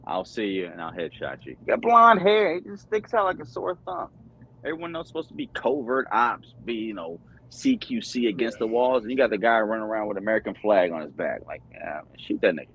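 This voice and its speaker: A man's voice: mid-range voice, a little fast, dull audio, a little hiss or hum. A man hosting a pop-culture stream, rambling in casual chat with lots of fillers and crude slang over an online voice chat.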